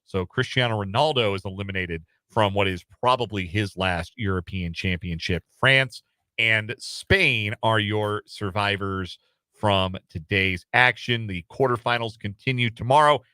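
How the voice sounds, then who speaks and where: A man's voice: on the low side, a little slow, bright, forceful tone, no echo. A man hosting casual sports talk radio in a studio, rambling and self-deprecating with lots of fillers. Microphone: studio microphone.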